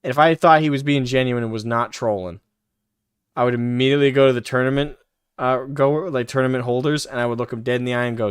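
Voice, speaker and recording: A man's voice: mid-range voice, fairly even intonation, fast, smooth, no echo, clean studio sound. A male live-stream host reacting to a clip, profane and mocking, laughing often as he talks.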